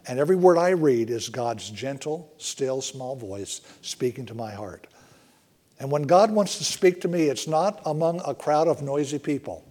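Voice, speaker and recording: A man preaching a sermon in an earnest way, often slowing down and dropping to a hush for emphasis. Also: medium pitch, expressive. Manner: earnest, slows and softens for emphasis. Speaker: pastor.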